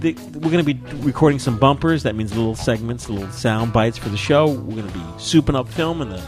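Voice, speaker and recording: A man's voice: mid-range voice, brisk, music in the background. A man hosting a podcast in casual chat, rambling and jokey. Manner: rambling, jokey, laughs often. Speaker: podcast host.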